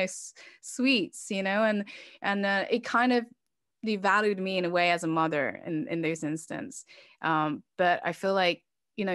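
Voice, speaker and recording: As an interview guest, an organization's middle-aged founder opens up about a personal story with candor and feeling, often using fillers and restarting. Her fairly low voice has a fairly bright tone. The recording is dry and close, with no room sound.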